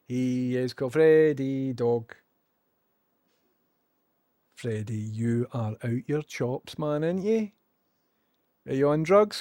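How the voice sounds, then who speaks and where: Male streamer, mid-pitched, soft doting baby talk, casual and unscripted. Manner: doting, cooing baby talk to his dog. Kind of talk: casual live stream chat.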